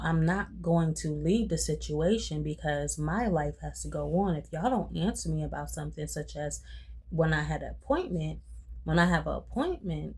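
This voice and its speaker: A woman's voice: deep voice, creaky, dark tone, breathy edge. A woman vlogger, venting in a frustrated, rambling way and repeating herself. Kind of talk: venting to camera.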